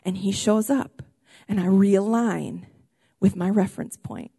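A woman pastor preaching a sermon in a church, animated and excitable, often raising her voice. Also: medium pitch, measured pace, creaky, husky, no room sound, clean studio sound. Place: church auditorium.

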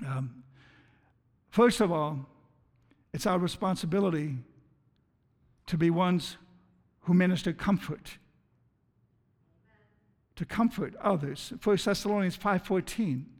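A man's voice: high-pitched, slow pace, long pauses, big-room sound. A man preaching a sermon as pastor, earnest, often stumbling over and repeating his words. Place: church.

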